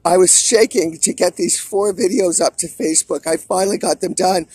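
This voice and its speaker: A man's voice: high-pitched, moderate pace, darkish tone, slightly rough, no echo. A man talking in an agitated, rambling video monologue, shaky and distressed, often restarting his sentences. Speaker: vlogger.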